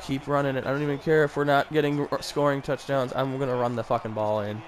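A man playing a football video game, swearing a lot and reacting nervously and excitedly to every play. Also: mid-range voice, fast, poor audio. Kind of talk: casual gameplay commentary.

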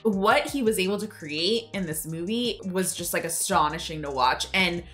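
A woman's voice: fairly low pitch, animated, normal speed, a bit bright, faint music behind. Agreeable woman chatting about a film. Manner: agreeable, many short yeahs, thoughtful. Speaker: movie reaction co-host. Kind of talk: casual chat.

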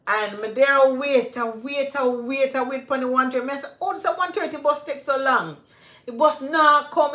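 A woman's voice: a little high, a bit bright. An older woman with a Jamaican accent, chatting casually to livestream viewers as a cooking channel host, telling rambling stories in patois. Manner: chatty storyteller, switches into patois, rambling asides. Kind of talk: casual chat with live viewers. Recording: echoey room.

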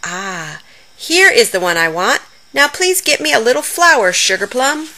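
Woman doing a gentle fond grandmother. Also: a little high, big pitch swings, unhurried, pitched above the performer's own voice, full character voice. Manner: gentle, fond, sometimes flustered. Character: warm, busy grandmother who loves baking.

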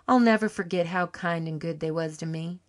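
A woman's voice: fairly low pitch, a little fast, natural voice. A woman reading an audiobook, voicing an earnest young male farmhand who speaks in a rustic country dialect. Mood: modest.

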